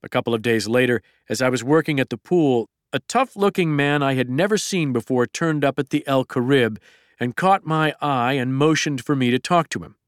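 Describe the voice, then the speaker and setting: A middle-aged man reads a memoir aloud in a plain, measured way. His voice is smooth and clear at a mid pitch, recorded dry and close with no room sound. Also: dry recording. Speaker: narrator. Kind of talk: memoir audiobook narration.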